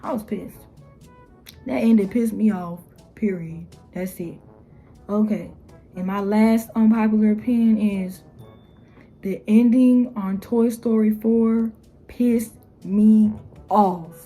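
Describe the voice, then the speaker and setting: A young woman talking casually to camera, blunt and exasperated, with slangy phrasing and mocking quotes in a higher voice. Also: steady tone, takes it slowly, warm tone, faint music behind. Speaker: YouTuber. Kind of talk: casual opinion vlog.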